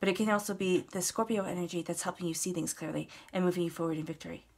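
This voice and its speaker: A woman with a fairly low voice gives a casual spoken tarot reading. She talks straight to her listener in an earnest way and hammers points home by repeating words. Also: flat delivery, racing, gravelly, darkish tone, breathy edge. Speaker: tarot reader.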